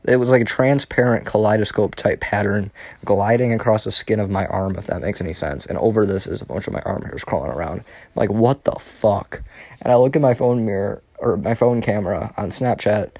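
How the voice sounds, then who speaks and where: A man's voice: on the low side, brisk, darkish tone, no room sound. A young man telling a casual storytime monologue, rambling and profane, with frequent restarts. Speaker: storyteller vlogger.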